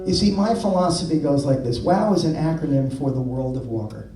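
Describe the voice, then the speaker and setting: A man, a blues singer and guitarist, telling deadpan jokes to the crowd between songs on an outdoor festival stage. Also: on the high side, brisk. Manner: joking, deadpan storyteller. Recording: echoey live sound from far off. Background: guitar music.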